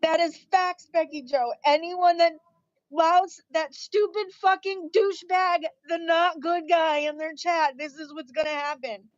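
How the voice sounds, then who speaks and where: A high-voiced woman in tears rants on a livestream, furious and swearing, circling back to the same points again and again. Her voice is dry and close, with no room sound. The stream audio is dull and lo-fi. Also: fairly even intonation, unhurried, no echo. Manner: furious, profane, repeating herself. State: crying. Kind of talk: angry livestream rant.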